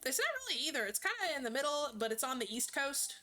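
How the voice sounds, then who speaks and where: A woman's voice: high voice, expressive, quick pace, sharp tone. A woman streamer chatting casually as she plays, rambling and hesitant with many ums.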